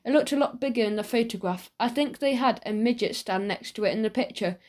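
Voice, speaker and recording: Lady reading a sweet chatty shopkeeper guy in a kids audiobook, kinda high voice. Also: fairly quick, darkish tone, natural voice. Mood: kindly. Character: kindly cheerful male newsagent, middle-aged.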